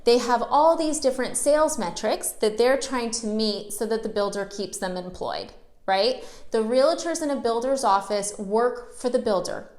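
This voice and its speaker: A woman's voice: fairly high pitch, moderate pace, reverberant. A woman mortgage loan officer chatting casually to her viewers and animatedly acting out stories about pushy salespeople. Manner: chatty, animated, acts out quotes. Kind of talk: casual storytelling vlog.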